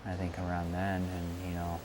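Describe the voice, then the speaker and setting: A man interviewed for a documentary, speaking reflectively and hesitantly with many pauses and fillers. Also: deep voice, completely flat delivery, noisy background. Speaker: friend interviewee.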